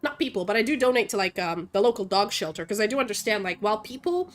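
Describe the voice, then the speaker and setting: A young woman streamer ranting casually in a blunt, profane, animated way, full of fillers, speaking into a desk mic at home. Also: medium pitch, fast. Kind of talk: casual opinionated rant while gaming.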